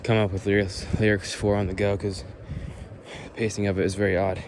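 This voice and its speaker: A man's voice: lowish voice, level tone, fairly quick. A man vlogging while he walks and jogs outdoors, out of breath, rambling and humming made-up lyrics. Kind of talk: casual walk-and-talk vlog. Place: outdoors, walking and jogging. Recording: noisy outdoor ambience.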